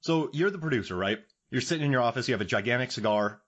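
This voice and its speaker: A man's voice: medium pitch, lively intonation, highs cut off. A man hosting a podcast, chatting casually and enthusiastically about movies. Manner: enthusiastic, fast-riffing movie talk. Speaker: podcast host.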